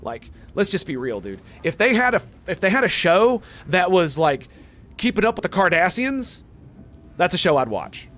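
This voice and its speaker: Rambling, excited young male streamer. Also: high-pitched, normal speed. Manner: excited, rambling, slangy with lots of "dude" and "man". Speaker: game streamer. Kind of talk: casual chat while streaming.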